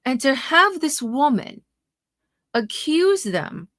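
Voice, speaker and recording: A woman's voice: sits high, sing-song, takes it slowly, fairly bright tone, no room sound, clean studio sound. A middle-aged woman hosting a livestream, talking passionately and indignantly, reacting to her viewers' comments. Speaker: host.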